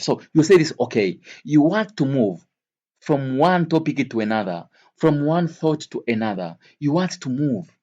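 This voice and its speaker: A man teaching English vocabulary to learners, speaking slowly and repeating each word and example several times. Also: medium pitch, animated, mellow, dull audio. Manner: slow, repeats words and examples.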